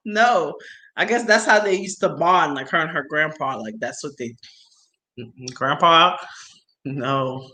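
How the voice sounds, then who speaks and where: A young woman with a bright, forceful voice, chatting casually as a host. She tells stories with plenty of slang and breaks into laughter often. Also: sits low, unhurried. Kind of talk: casual storytelling chat.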